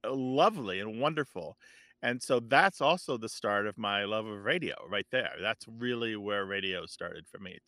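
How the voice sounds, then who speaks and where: A man explains points of language as a guest on a radio call-in show, talking animatedly and restarting his sentences often. His voice is bright and forceful, in a dry room. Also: fairly low pitch, animated, moderate pace, no echo.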